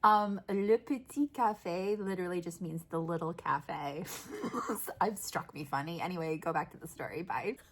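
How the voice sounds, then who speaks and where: A woman's voice: fairly low pitch, normal speed. A woman casually recapping a soap story as a video creator, chatty and wry. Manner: chatty, wry, lots of fillers.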